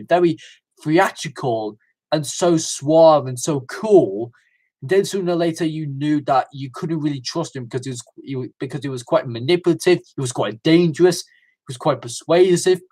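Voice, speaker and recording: Male livestream reviewer, slightly higher voice, eager and rambling with lots of ums. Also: expressive, moderate pace, darkish tone. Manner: enthusiastic, rambling with many fillers and restarts.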